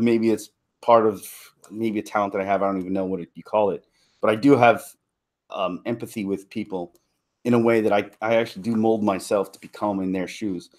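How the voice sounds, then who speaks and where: A YouTuber and impressionist with a lowish voice talks casually on a live stream. He rambles and halts, using many fillers and restarts, and laughs now and then between thoughts.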